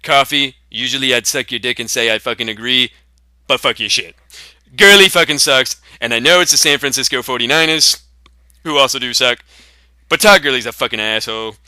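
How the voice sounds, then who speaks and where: A man's voice: mid-range voice, brisk, sharp tone, dry recording, studio quality. A young man hosting a comedy sketch, brashly boasting and swearing through profane trash talk.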